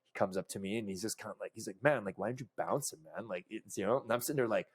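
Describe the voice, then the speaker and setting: A man's voice: lowish voice, fast, husky. A man hosting a podcast, telling a long anecdote in casual chat, full of fillers and quoted lines. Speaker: podcast host.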